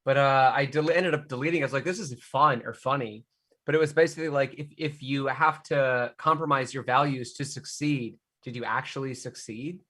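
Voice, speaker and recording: A man's voice: medium pitch, moderate pace, pushed and bright. Sardonic young man in casual chat. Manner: loose, sardonic, swearing. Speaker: podcast co-host.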